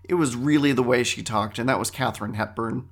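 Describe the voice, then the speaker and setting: A man's voice: medium pitch, fairly quick, slight background noise. A middle-aged man hosting a casual, rambling monologue, talking conversationally and often correcting himself. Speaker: host.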